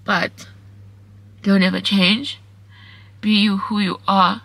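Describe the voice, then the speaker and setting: A woman's voice: mid-range voice, little pitch movement, takes it slowly, gravelly, fairly bright tone, no room sound, rough recording. A young woman talking in a casual vlog, emotional and mixing in Zulu phrases. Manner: emotional, switches between English and Zulu. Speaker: vlogger.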